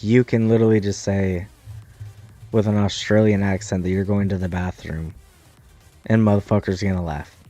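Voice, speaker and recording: Young american guy rambling on stream, swears a lot, lowish mellow voice, faint music behind. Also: lo-fi sound. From United States. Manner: profane, rambling, animated. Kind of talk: casual chat while gaming.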